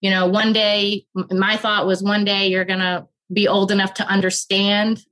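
30s woman guest on a podcast, bright sharp voice, earnest and open, rushes when it gets emotional. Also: mid-range voice, flat delivery, poor audio. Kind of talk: candid personal storytelling.

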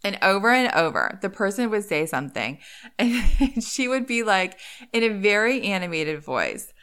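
Bright, lively woman podcast host. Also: mid-range voice, normal speed, clean tone. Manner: chatty, laughs often, lots of "like" fillers. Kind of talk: casual storytelling monologue.

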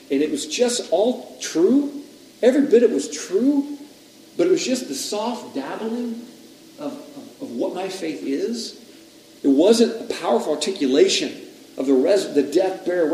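A man's voice: medium pitch, warm tone, a little hiss or hum. A male pastor preaching a sermon, telling stories and quoting others with rising intensity. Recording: echoey hall, voice from a distance, faint ambience.

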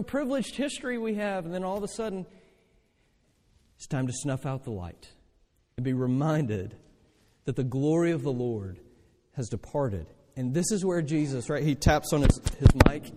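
A man preaching a sermon in a church, his fairly high voice swooping through a wide, lively range. He fires off rhetorical questions and slips into little acted voices for the people he quotes. A long reverb trails behind him in the big hall. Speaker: pastor.

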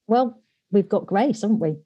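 A woman with a Yorkshire accent who hosts a podcast and puts animated questions to her guest, often repeating words as she starts. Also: mid-range voice, normal speed, breathy edge, muffled recording. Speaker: podcast host. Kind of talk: podcast interview.

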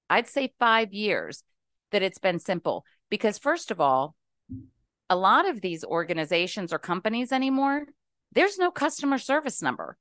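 A middle-aged woman from West Virginia calls in to a casual talk show, venting with animated exasperation. Her medium-pitched voice is clear, resonant and a bit bright, captured in studio quality with no echo.

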